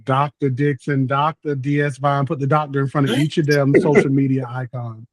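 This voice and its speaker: Southern man, thirties, chatty and playful guest, mid-pitched, close dry mic. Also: level tone, moderate pace, dry recording. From North Carolina, US. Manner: exuberant, talkative, playful. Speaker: podcast guest, content creator. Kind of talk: casual chat.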